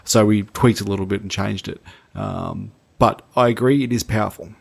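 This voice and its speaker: A game master co-hosting a podcast, explaining things in a relaxed, rambling way. His low voice has a gravelly edge. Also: moderate pace. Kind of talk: casual podcast chat.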